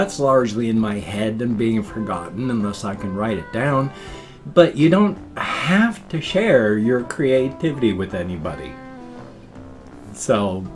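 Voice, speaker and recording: An older man rambles through a casual vlog in a folksy, chatty manner. His pitch sits in a middle register, and faint guitar music plays quietly behind him. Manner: folksy, chatty, says thumbs up often. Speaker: vlogger.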